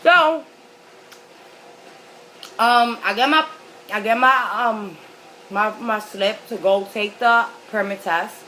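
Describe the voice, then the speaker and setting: A woman's voice: a little high, takes it slowly, long pauses, sharp tone, slight background noise, rough recording. A woman vlogger telling a story in a chatty, rambling way while she eats, with lots of fillers. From New York City. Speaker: mukbang vlogger. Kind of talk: casual storytelling while eating.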